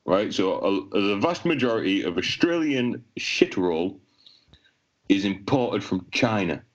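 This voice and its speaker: Man, podcast co-host, low-pitched, deadpan crude banter, dull lo-fi sound. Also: a little slow. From England. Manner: deadpan, crude joke-telling. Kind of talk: casual banter.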